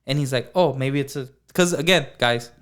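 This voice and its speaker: A man co-hosting a podcast, telling a story in a casual, animated way with lots of filler words. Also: mid-range voice, moderate pace, clear, resonant tone. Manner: animated, acts out dialogue, many fillers like "like". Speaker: podcast co-host.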